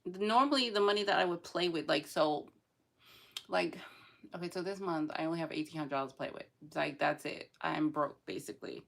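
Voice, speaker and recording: A woman's voice: low voice, brisk, creaky. A young adult woman chatting casually in a rambling, emotional vlog, sometimes laughing through tears. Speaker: vlogger. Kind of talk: casual chat.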